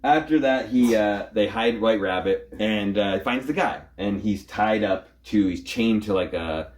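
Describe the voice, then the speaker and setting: A man hosting a casual comic book chat, recapping a story in a rambling way and acting out the characters' lines in quick voices. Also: on the low side, a little mellow. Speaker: comic book show host.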